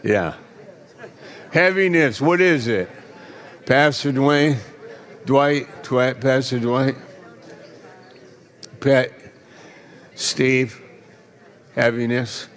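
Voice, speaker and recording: A man's voice: medium pitch, extremely slow, long pauses, a bit bright. A male pastor preaching a sermon, teasing the congregation in a playful way. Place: large church hall. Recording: long hall reverb.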